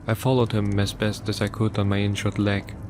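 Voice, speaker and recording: Low-voiced man reading a horror story. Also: completely flat delivery, darkish tone, a little hiss or hum. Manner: somber, measured first-person reading. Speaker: narrator. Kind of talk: scripted horror story narration.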